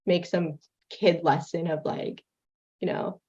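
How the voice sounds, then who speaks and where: A woman's voice: on the low side, steady tone, takes it slowly, warm tone. A young woman in casual chat on a video call, explaining her animation workflow with lots of fillers and laughs. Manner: chatty, filler-heavy, laughs often. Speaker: guest creator demonstrating animation software. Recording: dull lo-fi call audio.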